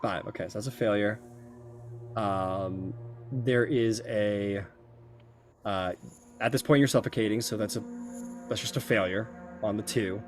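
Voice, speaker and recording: A man's voice: lowish voice, a little slow, long pauses, faint music behind. Rambling tabletop game master man. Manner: loose, filler-heavy narration.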